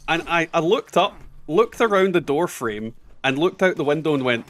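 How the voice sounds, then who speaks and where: A man in his thirties with a softened Scottish accent, chatting casually and swearing as he plays a game on stream. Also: on the high side, lively intonation, normal speed, slight background noise. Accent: Scottish, toned down. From Scotland. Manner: chatty, swears, jokey asides. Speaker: gaming streamer. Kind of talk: casual chat while playing a game.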